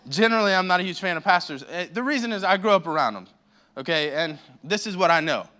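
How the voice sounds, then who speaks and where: A man's voice: high-pitched, expressive, fast talker, pushed and bright. An American man preaching as a guest pastor in a church, joking and self-deprecating as he rambles into his message through a handheld microphone. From United States. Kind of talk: sermon. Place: church sanctuary.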